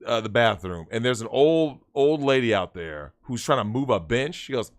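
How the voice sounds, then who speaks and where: A man telling a story in casual chat, animated, swearing and repeating himself. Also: medium pitch, normal speed. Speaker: guest.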